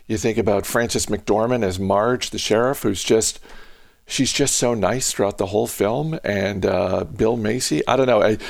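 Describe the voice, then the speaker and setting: A man's voice: fairly low pitch, vocal fry, no room sound, clean studio sound. A man hosting a casual podcast chat, musing aloud with lots of hesitant restarts. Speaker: podcast host.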